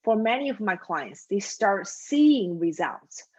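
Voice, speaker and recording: A woman's voice: mid-range voice, sing-song, takes it slowly, a little mellow, husky, poor audio. A woman mindset coach telling a story and then speaking earnestly and directly to her viewers.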